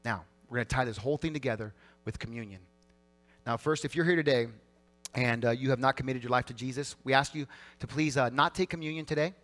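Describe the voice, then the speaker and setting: A man preaching a sermon as pastor of a church service, emphatic and swinging between loud and hushed. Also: medium pitch, fast.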